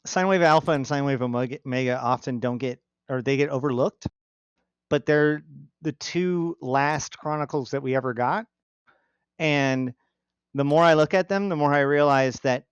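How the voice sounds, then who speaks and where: A man's voice: medium pitch, clear, resonant tone, no echo, muffled recording. A man on a casual podcast, eagerly explaining game lore at length. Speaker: podcast co-host. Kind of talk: casual chat.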